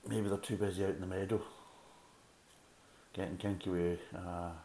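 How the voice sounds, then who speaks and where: A man's voice: low voice, little pitch movement, moderate pace, mellow, reverberant, a little hiss or hum. A Scottish man giving a casual beer review, ranting bluntly and swearing a lot. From Scotland.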